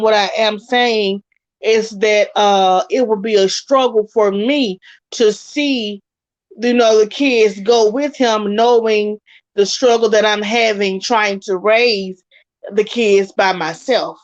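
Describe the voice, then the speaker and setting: A woman joining a talk show as a panel guest, speaking in a measured, hesitant way with many "you know" fillers. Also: on the high side, dry recording, lo-fi sound. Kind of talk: casual discussion.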